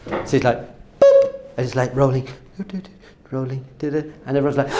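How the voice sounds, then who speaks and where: A middle-aged man teaching a Torah class, acting out cheering crowds with gasps and sudden shouts. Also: medium pitch, normal speed, long pauses.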